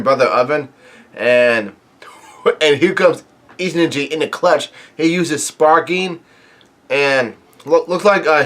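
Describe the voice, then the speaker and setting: Halting man recapping a comic. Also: medium pitch, fairly bright tone. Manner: halting, many fillers and restarts. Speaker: manga reviewer. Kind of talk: casual recap of a comic chapter.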